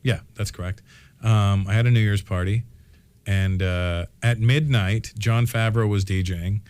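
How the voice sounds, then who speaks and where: A man's voice: fairly low pitch, fairly even intonation, a little slow, a little mellow, smooth, dry recording. A man in his forties, a comedian guest on a radio show, talking frankly and jokily, often laughing and stumbling over the first words of a sentence. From Canada. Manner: frank, joking, laughs often, stammers at starts. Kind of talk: casual radio interview chat. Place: radio studio. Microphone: studio mic.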